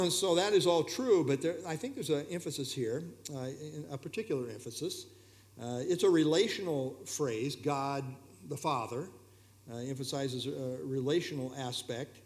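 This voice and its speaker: A man leading an evening Bible study, explaining verses in a relaxed, conversational way with frequent hesitations and fillers. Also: medium pitch.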